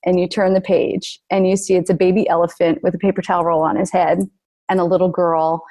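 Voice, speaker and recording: Earnest, animated woman author, guest on a podcast. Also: on the low side, a little fast. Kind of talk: podcast interview.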